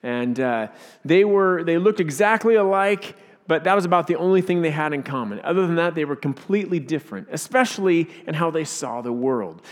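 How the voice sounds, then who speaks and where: A man with a high voice preaches as a pastor. He tells his stories with animated delivery and acts out their voices. His voice reverberates through a large church hall. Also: fairly quick. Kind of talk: sermon.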